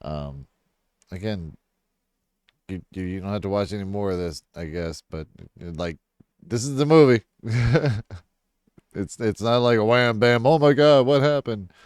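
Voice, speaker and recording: A man's voice: on the low side, unhurried, long pauses, smooth, no echo, studio quality. A man casually reacting live to a movie he is watching, rambling, swearing and acting out lines in silly raised voices.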